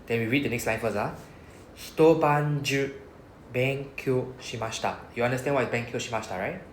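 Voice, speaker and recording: A man's voice: mid-range voice, very fast, a bit bright. A man with a Singaporean English accent teaching Japanese to a class, explaining patiently and often checking with "right?". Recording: echoey classroom, faint noise.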